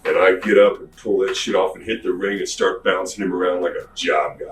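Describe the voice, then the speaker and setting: A man casually telling an anecdote as a podcast guest, slangy and animated, recorded from a distance in an echoey room. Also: deep voice, brisk, faint music behind. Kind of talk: storytelling anecdote.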